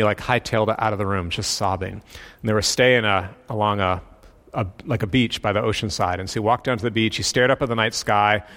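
A male pastor telling a story in a sermon, in a relaxed, conversational way. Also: fairly low pitch.

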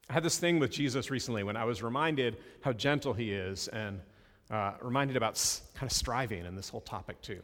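A man's voice: mid-range voice, brisk, fairly bright tone, in a large hall. A male pastor giving a sermon in a conversational way, with self-deprecating asides.

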